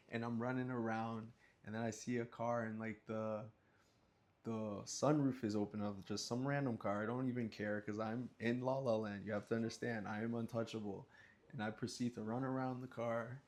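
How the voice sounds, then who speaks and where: A man casually telling a personal story, animated, with slang and sudden high-pitched acted outbursts. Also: moderate pace. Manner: animated, acts out scenes with sudden high yelps and sound effects; relaxed slang-laced talk.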